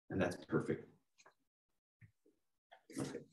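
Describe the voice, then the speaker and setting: A man's voice: on the low side, animated, moderate pace, a little mellow, slight background noise. A middle-aged man preaching a conversational sermon as archdeacon, often checking in with the congregation. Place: church. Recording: echoey room, mic from a distance.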